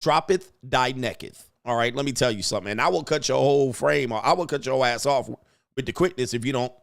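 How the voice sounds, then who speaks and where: A man hosting a casual livestream rants in a crude, boastful, swaggering way. His gravelly voice sits at medium pitch and moves at a quick pace.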